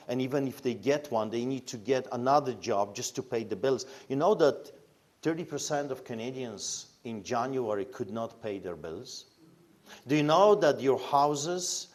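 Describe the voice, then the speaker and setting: A man with a Polish accent, a pastor, telling his story in an interview with emphatic, fiery delivery and pointed rhetorical questions. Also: medium pitch. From Poland.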